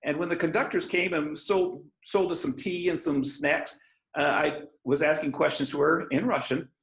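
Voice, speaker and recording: A man's voice: fairly high pitch, moderate pace. A man in his fifties from Michigan, an author and preacher, telling stories earnestly in a casual interview over a video call. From Michigan, USA. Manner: earnest storyteller, animated quotes. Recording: echoey room.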